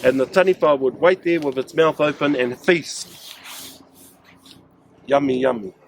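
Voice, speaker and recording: A man's voice: a little high, unhurried, creaky, slight background noise. A man with a New Zealand accent guiding a staff group, telling them about local sites and often asking them questions. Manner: engaging, asks the group questions. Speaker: cultural guide leading staff. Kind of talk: outdoor cultural site talk to a group.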